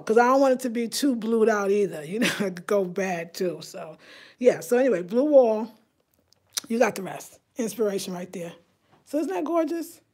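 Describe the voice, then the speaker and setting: A woman chatting casually on a live stream, lively and laughing often, reading viewer comments aloud. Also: medium pitch. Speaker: home design vlogger.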